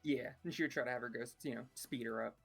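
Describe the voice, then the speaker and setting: A man's voice: mid-range voice, fairly even intonation, fast talker, gravelly, breathy edge, soft background music. A man playing a tabletop role-playing game, thinking aloud hesitantly with many fillers. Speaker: player. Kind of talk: casual tabletop play.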